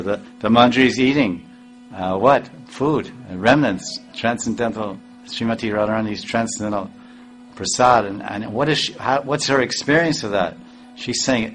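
A man with a lowish voice leads a devotional scripture class. He talks in halting bursts, restarting and repeating words and chuckling often. He lifts his voice when he recites verses, with faint music in the background. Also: poor audio. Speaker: spiritual teacher.

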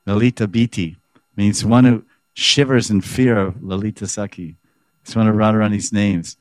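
A man with a low, grounded voice leads a scripture class, reading a commentary aloud and unpacking it line by line. He grows animated as he acts out the quoted speakers. The sound is close and dry, with no room echo. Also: normal speed. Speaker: spiritual teacher.

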